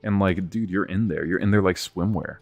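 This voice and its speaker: A man in his twenties hosting a livestream, ranting excitably with lots of swearing and laughter. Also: low voice, fairly quick, lo-fi sound. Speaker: livestream host. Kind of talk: livestream rant.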